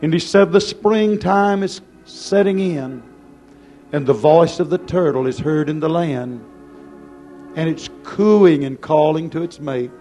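A pastor delivering an impassioned, pleading sermon with an urgent call to come forward. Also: male voice, on the high side, measured pace, dark tone, faint music behind.

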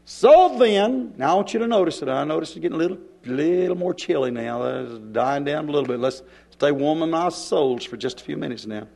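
A male preacher delivering a sermon in a church, with dramatic pauses and shifts in pace. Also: a little high, lively intonation, vocal fry, darkish tone.

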